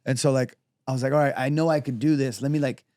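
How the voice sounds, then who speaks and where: Fast-talking young man, casual. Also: mid-range voice, fairly even intonation, mellow, no echo, clean studio sound. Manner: fast, loose talker with lots of fillers. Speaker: guest comedian. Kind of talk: casual chat.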